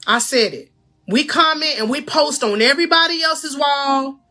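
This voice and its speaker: Female life coach, livestream host: fervent and preachy, talks right to her viewers, laughs between lines. Higher-pitched, forceful voice. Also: moderate pace. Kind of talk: faith-based motivational livestream.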